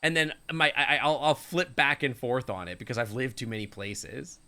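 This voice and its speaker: A man's voice: medium pitch, moderate pace, pushed and bright. A Canadian man streaming a game live, rambling and joking with his viewers. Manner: rambling, jokey, chatting with viewers.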